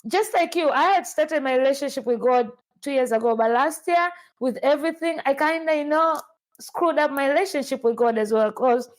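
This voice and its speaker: A woman from Tanzania hosting a casual podcast chat, animated and laughing often, restarting her sentences with repeated words. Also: high-pitched, brisk, rough recording. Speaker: podcast host.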